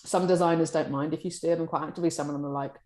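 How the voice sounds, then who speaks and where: A woman in a publishing role, answering interview questions in a chatty, animated way. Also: deep voice, rapid-fire. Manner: chatty, animated, acts out colleagues' lines. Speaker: publishing director. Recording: echoey room.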